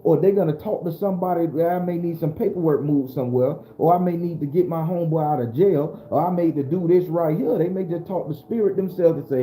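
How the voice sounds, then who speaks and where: A man's voice: on the high side, quick pace, few pauses, mellow, roomy sound, soft background music. A man hosting a casual live-streamed spiritual talk, loose and preachy, speaking straight to his viewers. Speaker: spiritual livestream host.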